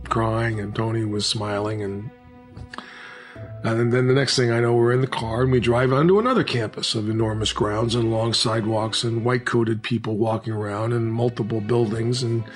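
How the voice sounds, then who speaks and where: A man recounting a personal story in an earnest, halting way, with frequent restarts. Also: medium pitch.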